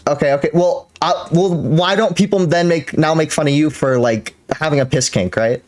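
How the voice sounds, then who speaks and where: A man hosts a live stream and challenges his guest, sounding incredulous and swearing often. His voice sits a little high for a man, and he hedges his questions with frequent fillers. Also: moderate pace. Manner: incredulous and profane, full of fillers and laughs. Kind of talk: heated live-stream argument.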